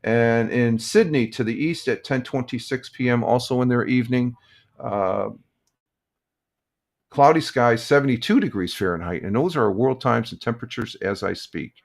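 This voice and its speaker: A man's voice: mid-range voice, moderate pace, gravelly. An older man chatting on his morning live stream in an easygoing, rambling way. He stops and restarts sentences often and chuckles between thoughts, with a mid-range voice. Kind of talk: casual morning chat stream.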